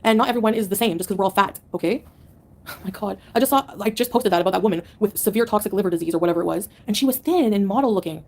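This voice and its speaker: Woman livestreamer, rapid combative rants, sarcastic, mid-pitched. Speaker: livestreamer answering chat. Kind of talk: live-stream rant to chat.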